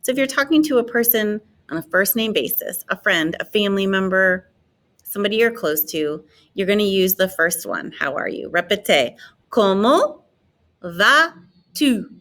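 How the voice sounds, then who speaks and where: A woman teaching a beginner language lesson, modeling words slowly and clearly for students to repeat. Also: mid-range voice, animated, a bit bright. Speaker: French teacher.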